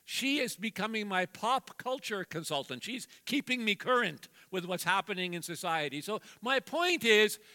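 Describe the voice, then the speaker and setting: A man's voice: high voice, lively intonation, moderate pace, few pauses, sharp tone. Jovial older man preaching in a reverberant church. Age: 60s. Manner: jovial, self-deprecating, acts out quoted voices. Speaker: guest preacher. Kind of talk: sermon with family anecdotes. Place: church sanctuary. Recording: long hall reverb.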